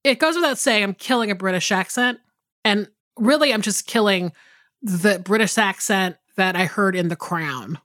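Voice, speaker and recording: A woman's voice: mid-range voice, moderate pace, a bit bright, dry recording, studio quality. A woman co-hosting a podcast, talking casually and rambling with lots of fillers and restarts. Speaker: podcast co-host. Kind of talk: casual chat.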